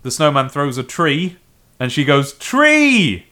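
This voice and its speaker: Ein Mann mit britischem Akzent, der als Co-Host locker über einen Film plaudert. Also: male voice, mid-range voice, moderate pace. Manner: animated, jumps into shouted mock quotes. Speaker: podcast co-host. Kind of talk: casual film discussion.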